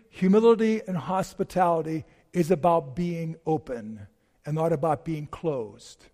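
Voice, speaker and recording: A man's voice: high-pitched, dark tone, long reverb tail. A man preaching a homily, telling a story in a conversational, folksy way with emphatic repetition.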